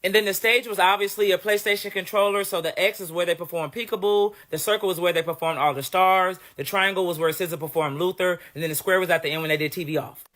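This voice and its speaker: Brief: male vlogger from Compton, rapid casual slang, lively commentary. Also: high-pitched. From Los Angeles, Compton. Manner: fast, chatty, slangy. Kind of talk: casual opinion vlog.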